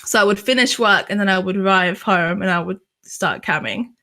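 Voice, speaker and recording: A woman's voice: mid-range voice, a little fast, sharp tone. A young woman chatting casually in an interview, talking freely with lots of fillers and some swearing. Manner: chatty, filler-heavy and profane. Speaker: streamer being interviewed.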